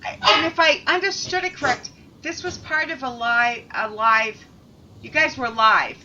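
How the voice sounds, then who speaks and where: A woman radio host chatting casually, animated and quick with reactions, over a remote call. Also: sits high, reverberant. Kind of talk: casual chat. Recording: distant, dull call audio with noise.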